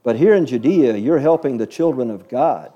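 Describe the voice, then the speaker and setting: A man's voice: mid-range voice, expressive, moderate pace, highs cut off, background noise, natural voice. A man doing a blunt, stubborn follower. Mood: indignant. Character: prejudiced, stubborn male follower.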